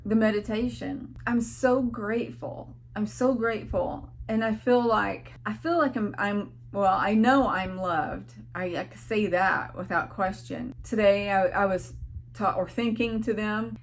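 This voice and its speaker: A woman's voice: medium pitch, measured pace, slight background noise. A woman casually telling an earnest, emotional personal story in a rambling way, near tears at times, speaking at home. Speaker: spiritual vlogger.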